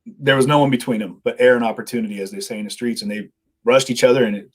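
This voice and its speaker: A man's voice: medium pitch, steady tone, fast talker. A man telling rambling stories in casual conversation, often quoting himself and others mid-story. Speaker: live-streamer guest.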